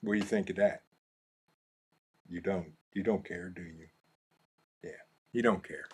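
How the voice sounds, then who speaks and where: His low, slightly rough voice keeps a fairly even intonation and a measured pace. Hosting a laid-back live stream, the man reads viewer comments aloud, laughs a lot, and speaks softly to coax his dog along.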